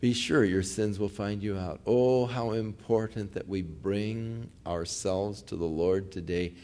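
A man preaching a sermon, telling a folksy personal story, then dropping from loud proclamation to hushed pleading. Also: lowish voice, fairly even intonation, unhurried. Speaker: pastor.

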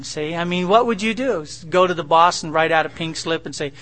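Man, preacher, sermon, high voice, bright tone, animated, conversational, rhetorical questions. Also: normal speed, hardly any pauses.

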